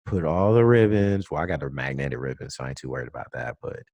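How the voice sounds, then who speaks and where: Male podcast host, very low and lively voice, jokey, dry close sound. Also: quick pace, gravelly, no echo, lo-fi sound. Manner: laughs often, loose and joking. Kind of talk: casual group chat.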